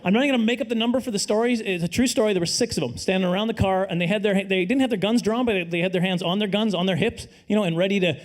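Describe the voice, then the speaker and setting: A middle-aged Canadian man doing a live stand-up set, dry and self-deprecating, now and then bursting into loud put-on voices. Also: high-pitched, very fast, hardly any pauses. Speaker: stand-up comedian. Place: comedy stage before a live audience.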